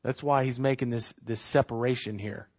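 A man's voice: mid-range voice, fairly even intonation, normal speed, a little mellow, dull audio. A man preaching a sermon as pastor, earnest and emphatic, repeating key phrases and asking the congregation rhetorical questions.

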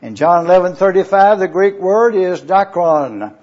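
Male preacher with a high, warm voice, repeats points and spells words out; muffled lo-fi sermon recording. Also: animated. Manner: deliberate, spells out Greek words letter by letter; repeats points for emphasis, urges listeners to take notes. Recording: dull lo-fi recording.

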